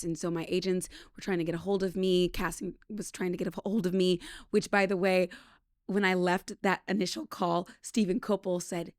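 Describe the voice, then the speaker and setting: A woman from British Columbia hosting her show, telling a story in a chatty, animated way. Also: on the low side, normal speed, dry recording, clean studio sound. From British Columbia, Canada. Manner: chatty and animated, acts out quotes. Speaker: podcast host. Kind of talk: casual storytelling monologue.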